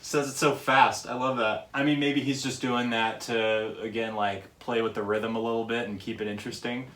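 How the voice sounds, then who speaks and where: A man's voice: medium pitch, little pitch movement, normal speed, a bit bright. A man reviewing music in casual commentary, chatty and analytical, often checking in with "right?".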